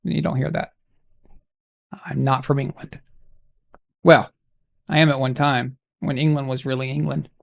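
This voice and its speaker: A man's voice: mid-range voice, level tone, measured pace, vocal fry, pauses often. A man hosting a live stream, chatting casually while watching a game, with rambling, jokey banter and sudden outbursts. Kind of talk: casual watch-along chat.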